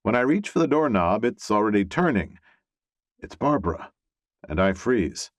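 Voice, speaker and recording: Low-voiced man narrating an audiobook. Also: very animated, moderate pace, dry recording. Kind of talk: first-person romance narration.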